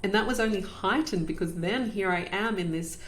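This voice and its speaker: A woman hosting a podcast tells her own story earnestly and reflectively, repeating phrases for emphasis. Her voice is mid-range and her speed normal.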